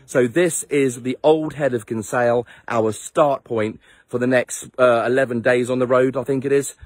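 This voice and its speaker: A man's voice: mid-range voice, steady tone, normal speed, dry recording, clean studio sound. A man leading a charity motorbike trip, talking to his handheld phone camera outdoors on a headland, chatty and rambling, tired from little sleep. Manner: rambling, self-mocking, chatty. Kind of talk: casual vlog to camera.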